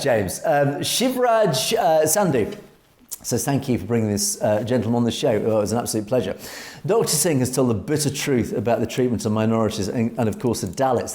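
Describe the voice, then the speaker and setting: Emphatic English man, mellow voice. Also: medium pitch. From Europe. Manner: emphatic, reads viewer comments aloud, many restarts. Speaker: co-host. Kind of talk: opinionated commentary discussion.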